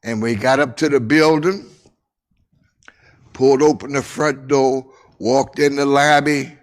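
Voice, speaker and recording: Older guy telling a story real slow, lots of pauses, goes quiet and soft at the tender bits. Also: medium pitch, steady tone. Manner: slow, drawn-out telling with repeated phrases and dramatic pauses; drops to a hushed voice at tender moments. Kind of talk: personal storytelling.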